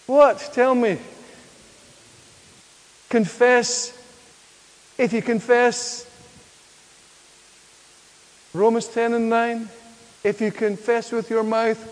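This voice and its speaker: A man's voice: very high-pitched, fairly even intonation, extremely slow, pauses often. A man preaching a sermon in church, building to emphatic declarations and drawing answers from the congregation. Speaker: pastor. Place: church hall. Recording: reverberant church hall.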